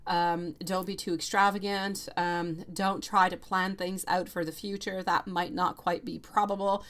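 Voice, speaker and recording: A woman's voice: on the low side, level tone, unhurried, a bit bright. A woman giving a live tarot reading, chatty and affectionate, calling viewers sweetie and love between giggles. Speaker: tarot reader.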